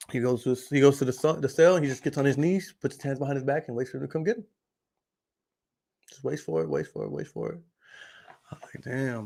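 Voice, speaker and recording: A man's voice: medium pitch, gravelly, a little mellow, slightly rough, no echo. A man with a Texan accent hosting his podcast in a casual monologue, swearing freely and repeating phrases for emphasis as he tells stories. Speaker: podcast host.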